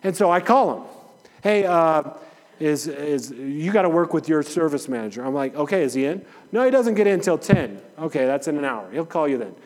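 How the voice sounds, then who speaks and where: A man's voice: fairly high pitch, sing-song, a little fast. A man preaching a sermon in a conversational, storytelling way, acting out the people in his anecdotes. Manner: conversational storytelling, acts out dialogue. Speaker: pastor. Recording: long hall reverb.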